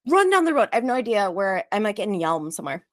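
A woman telling a story in casual chat, fast and lively, full of likes, acting out what others said. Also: mid-range voice, dry recording, studio quality. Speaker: storyteller guest.

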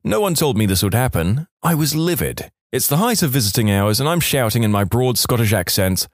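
A man narrating online stories aloud with wry, expressive storytelling. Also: mid-range voice, fairly quick, few pauses, no echo, clean studio sound.

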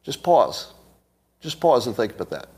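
A man's voice: medium pitch, wildly swooping pitch, moderate pace, darkish tone, husky. A man giving a casual political monologue, blunt and profane, firing off rhetorical questions. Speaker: commentator.

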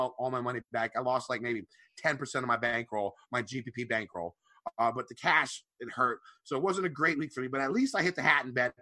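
A podcast co-host with a bright, forceful, high-leaning voice tells a long, profanity-filled anecdote in casual chat. His delivery is loose and animated, and the recording is close and dry with no room sound.

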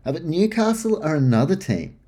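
A man's voice: a little high, big pitch swings, fairly quick, mellow, husky. A man hosting a casual sports talk show, blunt and frustrated, swearing freely as he gives his opinions on the teams. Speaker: sports podcast host.

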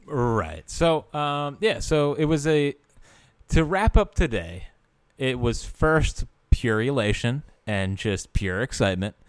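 A man's voice: mid-range voice, expressive, slow, clear, resonant tone, dry recording. A man co-hosting a casual sports podcast, wry and often repeating words while he thinks. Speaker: podcast co-host.

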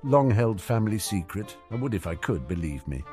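A man's voice: on the low side, sing-song, fairly quick, warm tone, faint music behind. Man voicing a cheeky, wry teenage wizard. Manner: sardonic, breezy.

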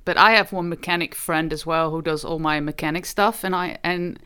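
A woman's voice: fairly low pitch, fairly even intonation, fairly quick, bright, forceful tone, smooth. A woman on a podcast talking casually, hesitant and self-deprecating.

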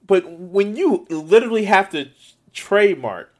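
A man giving casual, profane reaction commentary on a video, excitable and laughing often. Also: sits high, measured pace.

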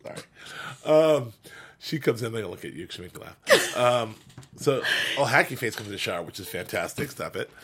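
A man's voice: lowish voice, animated, normal speed, fairly bright tone, husky. A man co-hosting a fan after-show, chatting casually and animatedly, joking and laughing often, with many restarts. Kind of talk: casual chat.

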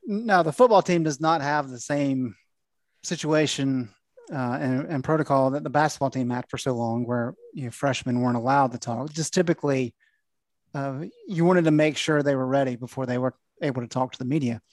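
A veteran male sports reporter explaining things calmly and at length on a podcast. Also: mid-range voice, no echo. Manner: measured, thoughtful explainer. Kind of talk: casual sports analysis.

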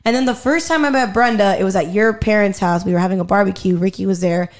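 Talking fast in a medium-pitched voice, a woman tells an animated story during casual chat, cursing freely and acting out what everyone said.

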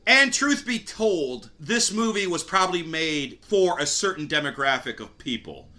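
A man with a higher-than-usual, bright and forceful voice hosts a casual movie podcast. He talks through scenes in a chatty way, sometimes slipping into quick mimicry of the characters. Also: animated. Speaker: podcast host. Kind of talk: casual movie review chat.

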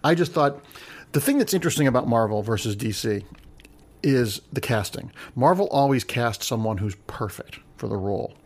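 Animated opinionated man. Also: medium pitch, moderate pace. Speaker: film discussion panelist. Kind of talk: casual opinionated chat.

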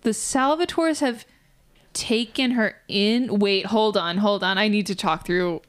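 A woman co-hosting a casual podcast, recapping a TV episode in an animated, excitable way and thinking out loud. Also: mid-range voice, unhurried, clear, resonant tone. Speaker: podcast co-host.

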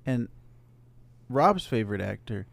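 A man's voice: medium pitch, big pitch swings, a little slow, vocal fry. A man hosting a casual video game podcast, reading out news items and bantering with his co-hosts. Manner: reads headlines then banters.

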